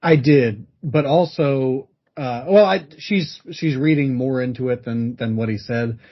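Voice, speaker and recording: A man co-hosting a podcast, laid-back and a bit hesitant, his husky voice set in a mid range. The recording is lo-fi and muffled. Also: mid-range voice, unhurried. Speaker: podcast co-host. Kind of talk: casual chat.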